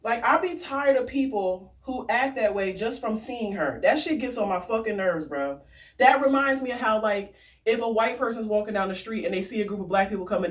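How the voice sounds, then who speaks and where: A woman vlogger telling stories and ranting in a casual, animated way, swearing freely. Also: mid-range voice, far from the mic. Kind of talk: casual storytelling rant.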